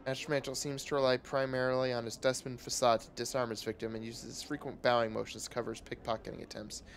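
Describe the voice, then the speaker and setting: A man streaming a game who reads its text aloud in a steady, measured way. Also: mid-range voice, creaky, slight background noise.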